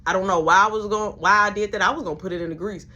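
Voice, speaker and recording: A young woman telling a story in casual chat, animated and acting out the voices of everyone involved. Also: medium pitch, racing, dull audio, slight background noise. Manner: animated, acts out every voice, laughs along.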